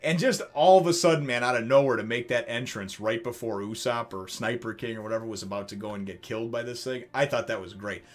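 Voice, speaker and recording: A man vlogging a casual, animated recap of a manga chapter from his desk at home, swearing freely and acting out the characters' lines. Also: medium pitch, fast, few pauses. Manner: animated, swears casually, voices quoted characters, laughs often. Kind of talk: excited casual recap to camera.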